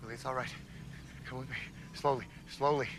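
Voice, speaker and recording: A calm, steady man guides frightened children in a low, coaxing voice, played by a male actor. His pitch stays even and unhurried. Clear background noise runs under the film soundtrack. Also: lightly acted.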